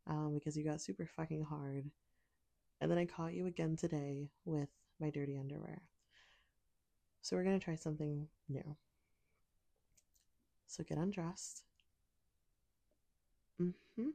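A woman's voice: low-pitched, vocal fry, dark tone. A woman speaking in an intimate audio role-play, teasing and commanding, sometimes dropping to a whisper.

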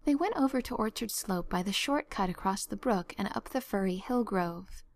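A woman narrating a story as an audiobook reader, measured and expressive. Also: mid-range voice. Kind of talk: scripted narration.

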